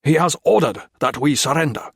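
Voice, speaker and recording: A man's voice: fairly high pitch, a little fast, vocal fry, fairly bright tone, husky, no room sound, studio quality, pitched above the performer's own voice, full character voice. A man voicing a curt, contemptuous colonel. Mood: curt, cold. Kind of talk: audiobook character voice.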